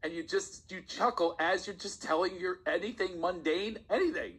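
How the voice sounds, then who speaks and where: A man with a husky voice tells stories as a comedian guest on a podcast. His manner is animated, and he often chuckles as he speaks. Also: high voice, normal speed, low-quality recording. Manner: animated storyteller, laughs while talking. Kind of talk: casual podcast storytelling.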